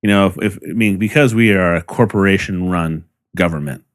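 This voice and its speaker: A man co-hosting a podcast in casual chat, talking in an earnest, halting way. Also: low-pitched, dry recording, studio quality. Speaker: podcast co-host.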